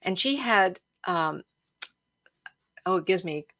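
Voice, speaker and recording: Speaking slowly and expressively, a woman with a lowish, fairly bright voice hosts a psychic live stream at home while a cat jumps around. She shares stories in a chatty, emotional manner, talking directly to her viewers, and the recording has no room sound.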